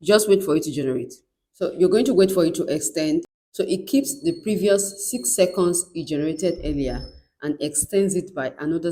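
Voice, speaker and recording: Woman w a low mellow voice doing a step by step app tutorial, keeps saying right?. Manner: instructive, often asks "right?". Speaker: tutorial presenter.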